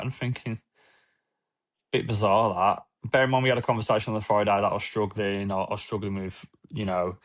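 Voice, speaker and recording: Lower-voiced man, halting and candid. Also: level tone. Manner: halting, with frequent restarts and quoted dialogue; candid, with casual swearing. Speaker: former police officer, guest. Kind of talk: emotional personal account in a podcast interview.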